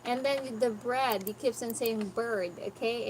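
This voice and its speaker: Slow-paced patient woman tutor. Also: on the high side, darkish tone, rough recording. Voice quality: patient, corrective, repeats words slowly for the student. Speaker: English tutor. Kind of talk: online pronunciation lesson. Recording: noticeable background noise.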